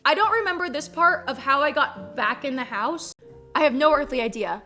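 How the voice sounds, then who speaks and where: A young woman streamer telling a story in a casual, animated and profane way, full of "like". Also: high-pitched, moderate pace, soft background music.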